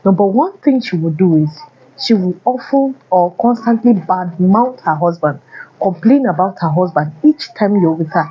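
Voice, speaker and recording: A woman's voice: lowish voice, animated, moderate pace, husky, lo-fi sound. A woman vlogger giving blunt, repetitive relationship warnings addressed to men. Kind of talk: casual advice monologue.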